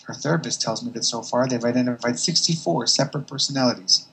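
Stern male doctor, forceful and lecturing, as a podcaster plays him. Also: medium pitch, fast talker, vocal fry, husky, exaggerated voice, low-quality recording.

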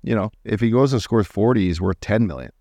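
A man's voice: lowish voice, fairly quick, a little mellow, no room sound, clean studio sound. A man co-hosting a podcast in laid-back, sometimes profane casual chat. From Newfoundland. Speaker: podcast co-host.

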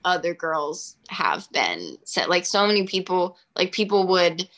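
Young woman, bright, tense tone, chatty interview guest peppering every line with "like.". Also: on the low side, unhurried. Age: 20s. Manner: chatty, heavy use of "like", animated. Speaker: singer-songwriter guest. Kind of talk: casual interview storytelling.

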